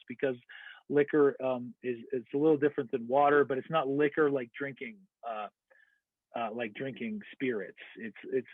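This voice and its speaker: A man's voice: medium pitch, no room sound. An American man giving an online lecture, explaining step by step with fillers and self-corrections. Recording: tinny phone-like dry audio.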